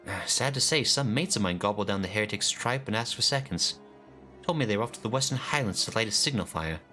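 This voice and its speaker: A man voicing a chatty, low-born male soldier who talks in a folksy way, reading game dialogue aloud. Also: animated, fast talker, sharp tone, faint music behind. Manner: folksy, drops his grammar.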